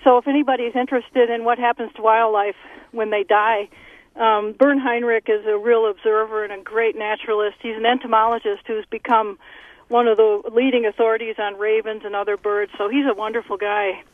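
A woman's voice: on the high side, level tone, fairly quick, no echo. A woman calling in to a radio show, earnestly and enthusiastically recommending something, heard over a phone line. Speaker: caller. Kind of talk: radio call-in.

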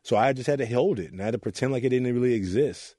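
With no room sound, an Oakland youth mentor talks at a quick pace in a mid-range voice that's mellow and slightly rough. In a candid interview he tells personal stories with earnestness, performing the voices of those he quotes.

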